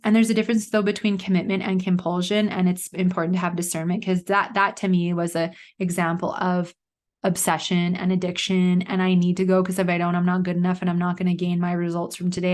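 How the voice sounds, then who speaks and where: Chatty woman podcaster, lowish voice. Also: a little mellow. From Canada. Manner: chatty storytelling with many fillers. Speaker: podcast host. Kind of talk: casual solo podcast monologue.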